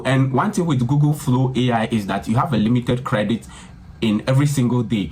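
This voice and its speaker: A man's voice: medium pitch, darkish tone, a little hiss or hum. Casual man walking through a tutorial. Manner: casual, repetitive, keeps addressing viewers as guys. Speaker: tutorial host. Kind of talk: screen-recorded software tutorial.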